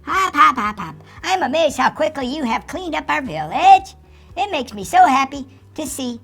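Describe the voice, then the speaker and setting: Lady doing a super high little bunny puppet, hop hop hop, all happy, music under it. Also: sing-song, normal speed, creaky, a bit bright, heavily acted. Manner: chants hop hop between lines. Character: cheerful hopping bunny, female, small, always happy. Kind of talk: kids' puppet show.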